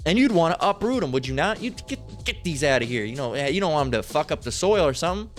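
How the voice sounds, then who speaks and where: A man's voice: a little high, very animated, quick pace, faint music behind. A man giving rambling scripture commentary, profane and emphatic, with many restarts and tag questions. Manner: profane, emphatic, full of restarts and "all right?". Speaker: religious commentator.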